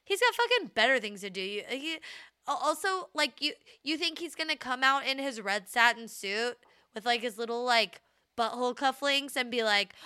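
A woman co-hosting a podcast in casual chat, animated and sarcastic, with many fillers. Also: a little high, moderate pace, smooth, no echo, clean studio sound. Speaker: podcast co-host.

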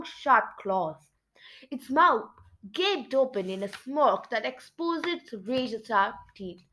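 A woman's voice: sits high, fairly bright tone, low-quality recording. A woman reading a children's chapter book aloud with dramatic expression. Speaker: storybook reader. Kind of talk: expressive children's story narration.

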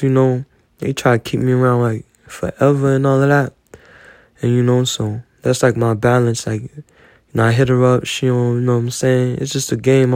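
A man rambles through a personal monologue, loose and full of slang. He sounds close to tears, and his voice is mellow and dark. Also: medium pitch. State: on the verge of tears. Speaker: solo show host.

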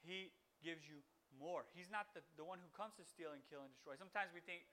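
A man gives an informal devotional talk for his podcast, his voice sitting high and sounding bright and forceful. He rambles and restarts often, and he breaks into animated bits where he acts out what people say. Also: fairly quick. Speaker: podcast host giving a devotional.

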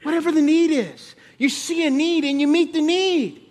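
A high-voiced man preaches a sermon in church. He calls out to the congregation as he makes his points. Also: moderate pace.

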